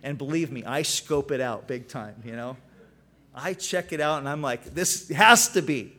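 A man's voice: medium pitch, moderate pace. A man preaching a sermon in a conversational style. He tells stories, and his delivery shifts between chatty asides and sudden emphatic peaks. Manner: conversational, storytelling with animated emphasis. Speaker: pastor.

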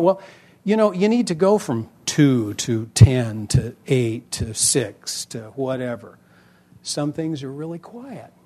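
Man, middle-aged pastor, teaching fellow preachers, chatty and animated, slightly higher voice. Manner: conversational, animated storyteller with lively vocal swings.

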